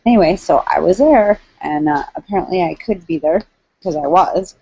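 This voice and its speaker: A woman's voice: lowish voice, normal speed, warm tone, breathy edge. A middle-aged woman, rambling through a casual solo video chat from home on a computer mic. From Canada. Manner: rambling and chatty, with many fillers. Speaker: online hangout host. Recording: dull, dry lo-fi webcam audio.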